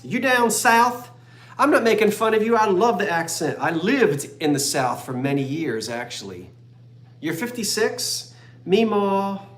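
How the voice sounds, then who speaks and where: A man's voice: high-pitched, expressive, unhurried, a bit bright, roomy sound. A man in his fifties hosting a live online antique sale, rambling and joking as he reads out viewers' comments. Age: 50s. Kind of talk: chatty live-stream sales talk.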